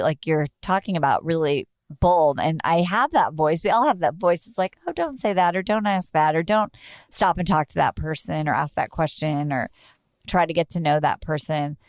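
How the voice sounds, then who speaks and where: Woman, talk host, gushing and chatty, slightly low pitch, dry room. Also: no room sound. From northern United States. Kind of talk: casual interview chat.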